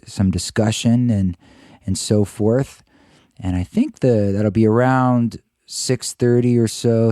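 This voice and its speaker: Hoarse croaky man hosting a podcast. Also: lowish voice, mellow, no room sound, studio quality. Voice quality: husky, croaky. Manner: chatty, loose, self-joking. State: hoarse from a cold. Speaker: podcast host. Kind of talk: casual podcast intro.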